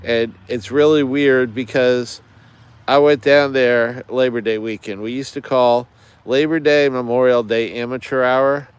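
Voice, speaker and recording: A man's voice: mid-range voice, fairly even intonation, unhurried, smooth, dry recording. Chatty man livestreaming outdoors. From United States. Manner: chatty, digressive, many fillers, greets viewers. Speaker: outdoors channel host. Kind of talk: rambling livestream chat. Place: outdoors in woods.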